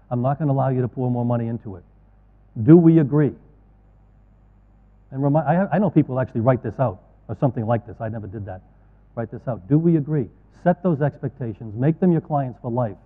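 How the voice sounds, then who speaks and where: A man's voice: medium pitch, animated, quick pace. Middle-aged man, earnest folksy speaker, lo-fi hall recording. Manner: folksy, earnest, storytelling with asides. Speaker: conference speaker. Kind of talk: keynote talk to financial advisors. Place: large conference hall. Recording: tinny, echoey hall audio.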